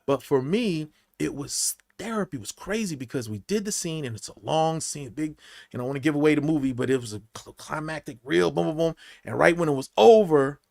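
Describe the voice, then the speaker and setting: Forties guy on a podcast telling a story, a bit high voiced, acts out all the people he quotes. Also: lively intonation, fairly quick, gravelly, darkish tone. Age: 40s. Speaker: actor guest. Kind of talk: storytelling interview. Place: podcast studio.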